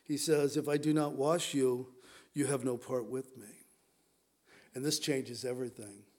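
A male pastor preaching a sermon in a conversational, animated way, often acting out quotes. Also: medium pitch, a little slow.

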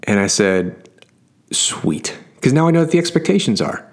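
A man's voice: medium pitch, very animated, quick pace. A middle-aged man coaching his clients through a casual story, emphatic and repeating words for effect.

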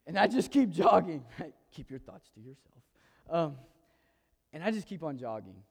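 A man telling a personal story to an audience in a conversational way, acting out the quoted dialogue with lively energy. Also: a little high, moderate pace, gravelly, slightly rough. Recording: long hall reverb.

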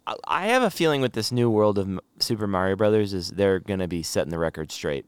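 A man's voice: fairly low pitch, animated, quick pace, smooth, dry recording. A man chatting casually as a podcast co-host, laid-back and joking, sometimes trailing into mumbles. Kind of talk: casual chat.

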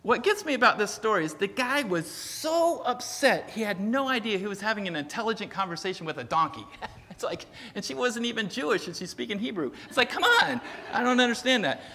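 A man delivers a sermon in a chatty, storytelling manner and jokes at his own expense. His voice sits high and bright. It rings out with a long reverb in a church sanctuary. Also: sing-song, fairly quick. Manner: conversational, storytelling, self-deprecating humor. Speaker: preacher.

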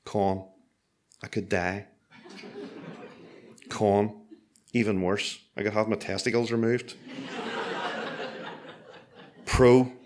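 A man telling a comic personal story with dry, self-mocking, deadpan asides. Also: on the low side.

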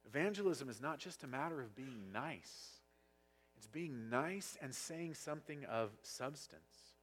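Husky-voiced pastor preaching with passion. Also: male voice, mid-range voice, expressive, a little slow. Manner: passionate, gets loud at times. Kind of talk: sermon. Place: church sanctuary.

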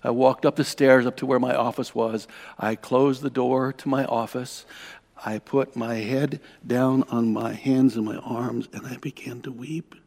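A man preaching a sermon, telling a personal story with strong emotion, dropping to a hush and rising to loud declarations. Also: mid-range voice, fairly even intonation, unhurried, gravelly, long reverb tail. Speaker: pastor.

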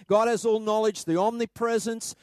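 A man preaching a sermon as pastor, halting often with fillers and reading scripture aloud with rising emphasis. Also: sits high, steady tone, no echo.

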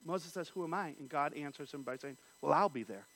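A man's voice: a little high, a little fast, a bit bright. A man teaching a Bible study, reading scripture passages aloud and then explaining them.

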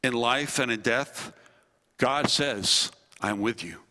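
A man, a pastor and former army chaplain, preaching a sermon with earnest delivery, slowing and dropping low on key phrases. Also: pushed and bright. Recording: long hall reverb.

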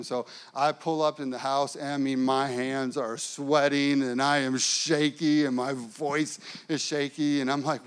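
A man preaching a sermon as pastor, telling a personal story with lively acted-out quotes. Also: a little high, moderate pace.

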